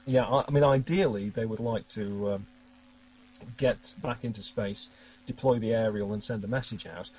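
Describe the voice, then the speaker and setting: A man's voice: lowish voice, moderate pace, a little mellow, husky, low-quality recording. A man running a tabletop game, narrating in a wry, chatty way and laughing often. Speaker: game master.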